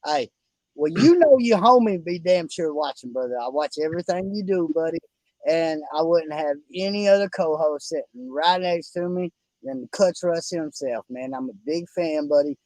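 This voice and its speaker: Effusive high-voiced Oklahoma country man. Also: moderate pace, a little mellow, no echo, low-quality recording. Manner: folksy, effusive, keeps calling the listener buddy and brother. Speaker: podcast host. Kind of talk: casual fantasy football chat.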